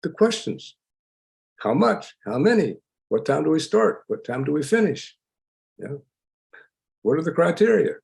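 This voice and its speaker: Older gravelly-voiced man, lively delivery. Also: a little high, measured pace, long pauses. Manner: lively, emphatic, laughs while explaining. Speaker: psychologist guest. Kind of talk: lecture-style interview answers.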